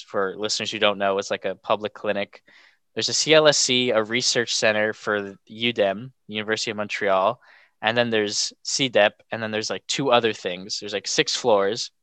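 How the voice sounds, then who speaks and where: A man's voice: fairly low pitch, pushed and bright, smooth, no room sound. A young man telling stories casually as a podcast guest, rambling and filling almost every phrase with "like". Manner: rambling, filler-heavy, says "like" constantly. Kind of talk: casual storytelling.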